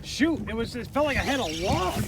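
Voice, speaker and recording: A man, excitedly narrating his fishing out on the water in a hyped, exclamatory way. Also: extremely high pitch, moderate pace, gravelly, heavy background noise. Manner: hyped and exclamatory, keeps shouting "heck yeah, baby". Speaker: fishing vlogger. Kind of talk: excited play-by-play while fishing. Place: outdoors on a kayak on open water. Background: loud background music.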